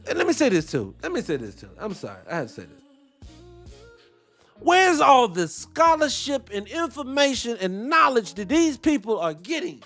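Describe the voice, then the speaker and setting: High-pitched animated man ranting. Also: normal speed, soft background music. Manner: animated, profane, rhetorical questions. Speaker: commentator reacting to a clip. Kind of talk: heated reaction commentary.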